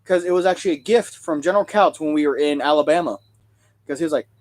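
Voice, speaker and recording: A man's voice: on the high side, fairly quick, long pauses. Joking rambling man on a livestream. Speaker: livestream host and Civil War reenactor. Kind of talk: casual livestream chat.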